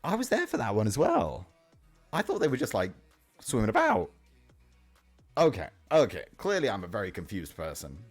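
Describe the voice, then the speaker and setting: A man's voice: fairly low pitch, huge pitch swings, moderate pace, pauses often, breathy edge. A young man streaming live, chatting casually with his chat, answering questions and swearing offhand. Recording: faint music in the background. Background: faint music.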